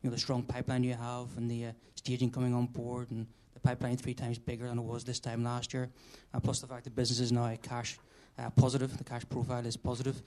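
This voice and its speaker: Analyst guy asking a question fast, flat delivery. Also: mid-range voice. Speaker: financial analyst. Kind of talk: asking a question at a results briefing.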